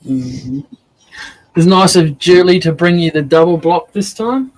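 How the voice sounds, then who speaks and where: A man's voice: a little high, expressive, a little slow, low-quality recording. A man with an Australian accent, chatting casually and joking on a video call. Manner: joking, laughs often.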